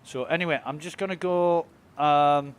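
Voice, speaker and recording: A man's voice: fairly high pitch, fairly even intonation, moderate pace, smooth. A man streaming a video game, rambling casually about what he sees and swearing now and then. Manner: laid-back, rambling, swears freely. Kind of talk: casual gaming commentary.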